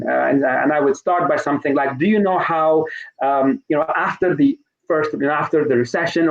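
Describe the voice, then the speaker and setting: Echoey, slightly high-voiced man on a call. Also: dull audio. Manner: storytelling, many restarts and fillers. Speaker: sales trainer, interview guest. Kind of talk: live online interview, conversational.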